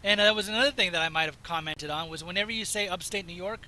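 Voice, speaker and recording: Chatty bright-voiced man rambling while driving. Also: high-pitched, fast, rough recording. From Southwest United States. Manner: chatty, meandering, self-interrupting. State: slightly hoarse. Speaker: gaming video host. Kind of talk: casual rambling commentary while playing.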